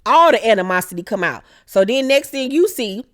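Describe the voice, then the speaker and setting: A woman's voice: fairly high pitch, brisk. A woman recapping a TV episode in a casual, profane, slangy way, acting out the characters as she retells the story. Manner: animated storyteller who acts out the characters' lines; heavy swearing, slangy. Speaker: TV show recap host.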